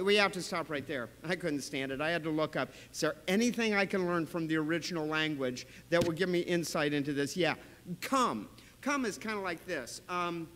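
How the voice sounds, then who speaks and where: High, bright-voiced preacher in a reverberant church. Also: male voice, moderate pace. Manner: animated storytelling with sudden loud bursts. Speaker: pastor. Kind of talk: sermon. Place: church sanctuary.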